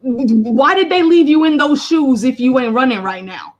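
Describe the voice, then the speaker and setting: Female host, casual chat, animated, quick bursts, higher register. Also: muffled recording.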